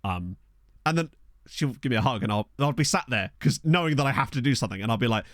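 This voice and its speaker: A streamer talks to his live chat from a cramped bedroom, rambling and laughing as he tells stories. His pitch bounces around a lot, and the close desk mic sounds dry with no room echo. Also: quick pace. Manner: animated, rambling storyteller who laughs often. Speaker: streamer playing a football management game. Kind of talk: casual chat with live viewers. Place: small bedroom. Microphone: desk USB microphone.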